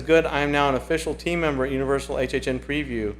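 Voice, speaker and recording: A man's voice: medium pitch, fairly even intonation, fast, a little hiss or hum. A man hosting a casual livestream, chatting and reading viewer comments aloud in a rambling way that often repeats itself. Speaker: livestream host.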